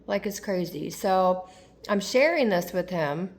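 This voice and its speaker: Young woman, confessional vlog, rambling with fillers, gravelly fry, faint hiss behind. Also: fairly low pitch, animated, unhurried. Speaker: tarot vlogger. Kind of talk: candid personal vlog.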